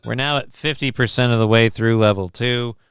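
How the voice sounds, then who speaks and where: A man hosting a live stream, reading viewer messages aloud in a rambling, deadpan way with lots of fillers. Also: mid-range voice, brisk, smooth, no room sound, studio quality. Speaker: live-stream show host.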